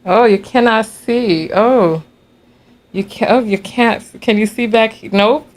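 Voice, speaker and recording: A woman hosting a casual livestream, telling a story in an animated, chatty way and laughing between remarks. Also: on the high side, slow. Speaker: livestream host.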